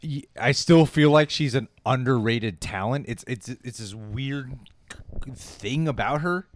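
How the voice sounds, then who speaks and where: A man co-hosting a casual live-stream chat about movies, opinionated and animated, laughing often. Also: mid-range voice, a little slow, no echo, studio quality. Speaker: co-host of a movie talk stream.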